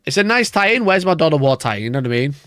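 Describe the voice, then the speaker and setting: A man's voice: a little high, very animated, fast, a bit bright, smooth, dry recording, soft background music. A man hosting a wargaming live stream, ranting in mock outrage and swearing as he reads and reacts. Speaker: wargaming channel host. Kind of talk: casual live-stream chat.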